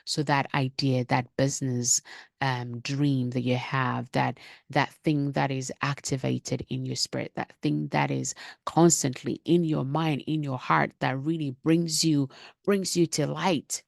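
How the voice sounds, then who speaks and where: A woman with a low, gravelly voice hosts a podcast in a dry, close-sounding room. She talks in an emphatic, rallying way, stacking repeated phrases as she urges her listeners on. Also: fairly even intonation, a little slow, dry recording. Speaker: podcast host. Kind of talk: motivational podcast monologue.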